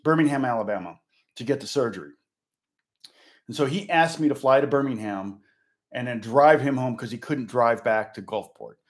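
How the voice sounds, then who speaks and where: A man's voice: mid-range voice, normal speed. A man, a guitar teacher, telling a casual story and stopping often to correct himself. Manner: rambling, stops to correct himself.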